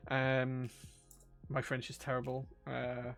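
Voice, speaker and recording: A man's voice: medium pitch, monotone, slow pace, creaky, fairly bright tone, soft background music. A man, chatting casually on a live stream while he builds a keyboard. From England. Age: 40s. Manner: chatty, self-deprecating, reads chat aloud.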